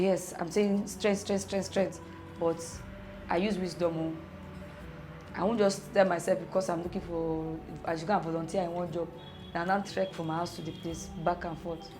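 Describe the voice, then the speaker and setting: A young woman telling her own story in an animated way, with rhetorical questions and laughing asides. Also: lowish voice. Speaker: interviewee. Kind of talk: personal storytelling. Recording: music playing underneath.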